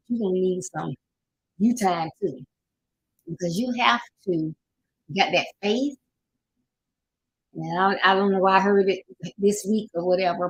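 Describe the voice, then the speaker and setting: A woman's voice: medium pitch, a little hiss or hum, low-quality recording. An older woman with a Southern US accent, hosting a casual motivational talk, folksy and preachy, sometimes laughing as she talks. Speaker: life coach host.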